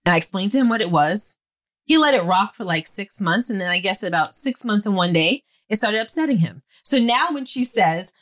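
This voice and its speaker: A woman co-hosting a podcast with her partner, teasing and animated in casual chat, laughing often. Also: mid-range voice, fairly quick. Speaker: podcast co-host.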